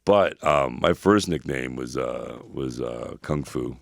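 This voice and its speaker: A man co-hosting a podcast, telling rambling, animated stories full of filler words. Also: rumbling low, slow pace, creaky, no echo, studio quality. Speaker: podcast co-host. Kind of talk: casual storytelling chat.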